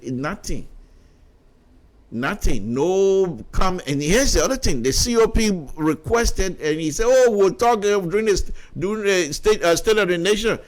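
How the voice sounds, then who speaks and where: A man's voice: high-pitched, lively intonation, a little slow. A middle-aged man with a Liberian English accent giving impassioned political commentary on radio, repeating himself and stumbling over restarts. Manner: impassioned, repetitive, stammering restarts.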